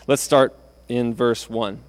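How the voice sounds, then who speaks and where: A man's voice: mid-range voice, fairly even intonation, takes it slowly. A man preaching a sermon in a conversational way, often restarting phrases and acting out quotes from the text. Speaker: pastor.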